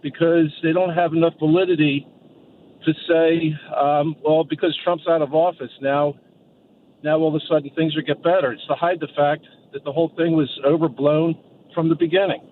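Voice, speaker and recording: A man's voice: fairly high pitch, fairly even intonation, moderate pace. A man calling in to a radio show, blunt and conspiratorial. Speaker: caller. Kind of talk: call-in chat. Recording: tinny phone line with faint hiss.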